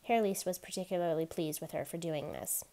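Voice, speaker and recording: A woman reads a novel aloud, chapter by chapter. Her narration is steady and even. Her voice sits a little low. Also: brisk. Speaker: reader.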